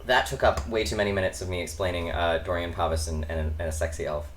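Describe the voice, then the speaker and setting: A man's voice: deep voice, fairly even intonation, quick pace, slight background noise. A young man from the United States hosting a casual chat vlog from his bedroom, rambling through tangents with lots of ums. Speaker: host.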